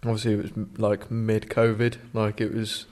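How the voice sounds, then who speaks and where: A man in his twenties talking candidly about his business in a studio. His voice is level and barely moves in pitch, with plenty of ums along the way. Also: completely flat delivery, moderate pace, a little mellow. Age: 20s. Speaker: business owner, guest.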